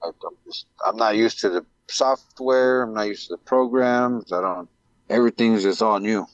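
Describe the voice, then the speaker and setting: A man talks in a low, relaxed voice, drifting along with pauses and fillers. The recording is dry, with a slightly muffled, lo-fi tone. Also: no room sound. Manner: laid-back, rambling, hesitant. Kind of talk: casual chat.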